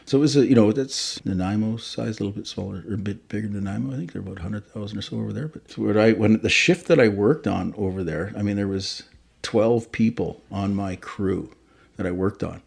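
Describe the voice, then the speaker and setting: His voice sits on the low side, gravelly yet a little mellow, with a breathy edge, and he talks fairly quickly. The speaker is a Canadian man in his fifties, a fire chief who rambles through stories in a casual interview, correcting himself repeatedly.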